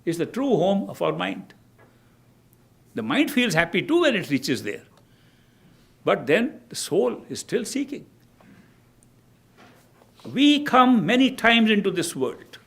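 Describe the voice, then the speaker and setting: An older man giving a spiritual discourse as a teacher, telling stories in a measured way and often restarting his phrases. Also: high voice, very animated, vocal fry, a bit bright.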